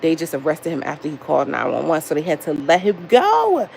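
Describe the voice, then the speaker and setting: A young woman chatting casually on a livestream, profane and animated as she reads chat aloud. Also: sits low, brisk, creaky, slight background noise, rough recording. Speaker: livestream host.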